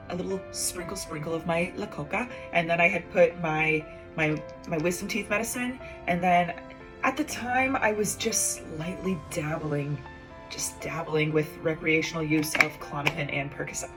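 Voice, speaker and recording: A woman's voice: fairly low pitch, moderate pace, over music. A young woman, a comedian, telling a personal story in a casual, self-mocking way, acting out the dialogue with big jumps in her voice.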